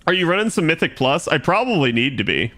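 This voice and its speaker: A man's voice: a little high, sing-song, fast talker, bright, forceful tone. A man streaming himself playing an online game, chatting loosely with his viewers. He rambles, corrects himself and swears casually. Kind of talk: casual live-stream gaming chat.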